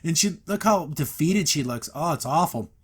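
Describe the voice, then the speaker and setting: A man hosting a podcast, recapping a cartoon episode in casual, animated commentary and acting out the characters' lines. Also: a little high, normal speed, music in the background. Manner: animated, recaps scenes and acts out quotes.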